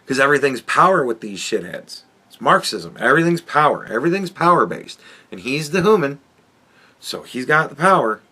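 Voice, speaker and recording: A man's voice: mid-range voice, very animated, brisk, pushed and bright, slightly rough. A man hosting a podcast, giving a sardonic, profanity-laced commentary monologue and chuckling often. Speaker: podcast host.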